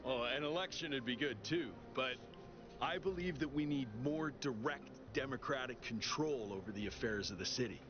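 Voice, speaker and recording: An earnest young android activist voiced by a man pleads his case in a relaxed, surfer-like drawl. The video game dialogue sounds slightly muffled. Clear game music plays underneath. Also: mid-range voice, normal speed, natural voice. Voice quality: laid-back surfer-like voice. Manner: earnest, persuasive. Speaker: petition-gathering transit worker.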